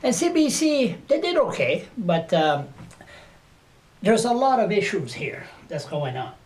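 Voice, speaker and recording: A man's voice: sits high, sing-song, measured pace, a little mellow. A man interviewing a guest in a casual, blunt way, with sarcastic jokes he laughs at himself. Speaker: interviewer and activist.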